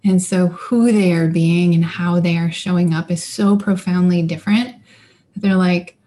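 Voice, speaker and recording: A woman's voice: on the low side, fairly even intonation, moderate pace, warm tone. A woman leadership coach talking in a casual interview, enthusiastic and emphatic, stringing words together in bursts.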